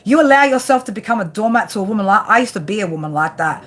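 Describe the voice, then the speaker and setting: A woman's voice: a little high, animated, quick pace, hardly any pauses, noisy background. A woman giving a live tarot reading to viewers, blunt and swearing constantly, tagging her lines with "right?". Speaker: tarot reader.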